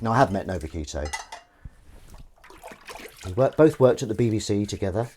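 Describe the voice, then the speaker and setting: A man's voice: on the low side, lively intonation, moderate pace, long pauses, darkish tone, a little hiss or hum. A man chatting casually on a live stream while washing up, rambling, joking and swearing freely.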